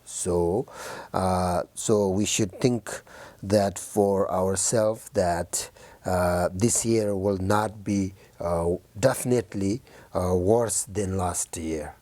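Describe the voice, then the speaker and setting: Slow, deep-voiced Buddhist teacher. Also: male voice, fairly even intonation, dry recording. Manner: halting, many fillers and pauses; gentle, encouraging. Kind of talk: New Year Dharma talk to students.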